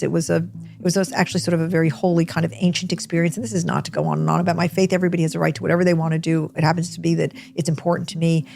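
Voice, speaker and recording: A woman's voice: on the low side, creaky. Chatty American woman telling a story. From United States. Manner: chatty, animated, self-deprecating. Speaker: host telling a personal story. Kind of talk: personal storytelling.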